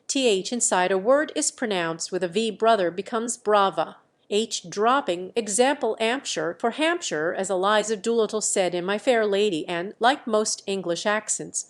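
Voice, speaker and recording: A woman with a mid-range voice reads encyclopedia text aloud as scripted narration. Her delivery is even and matter-of-fact, with stiff pauses between phrases. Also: mid-range voice.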